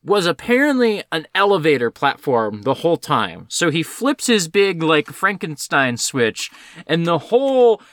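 A man co-hosting a podcast, chatting about an old film in a rambling, excited way, full of fillers. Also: on the high side, a little slow, no echo, studio quality. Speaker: podcast co-host. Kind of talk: casual film discussion.

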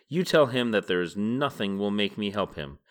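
A man voicing an angry old male god who shouts and is close to tears. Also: fairly low pitch, expressive, normal speed, natural voice. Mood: furious. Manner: shouting, raised voice.

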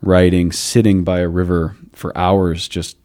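A man's voice: low-pitched, flat delivery, unhurried, warm tone. A man hosting a casual, reflective discussion, thinking aloud with frequent restarts. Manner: thoughtful, with frequent restarts and musing asides. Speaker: podcast host.

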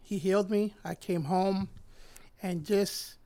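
A man's voice: high voice, fairly even intonation, slow pace, warm tone. A middle-aged man from Puerto Rico, a church elder and pastor, telling his personal faith testimony in an earnest, heartfelt way that turns emotional at moments.

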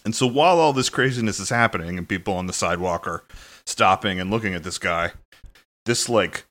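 A man's voice: deep voice, fairly quick, fairly bright tone. Man, casual story, rambling, filler-heavy, easygoing podcast chat. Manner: rambling, loose, full of fillers. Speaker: podcast co-host. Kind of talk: casual anecdote telling.

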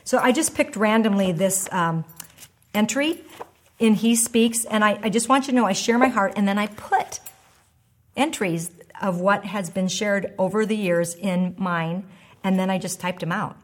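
Animated woman giving a devotional talk. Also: mid-range voice, moderate pace. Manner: animated and emphatic, dropping to a soft hush for prayerful moments. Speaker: devotional speaker and author.

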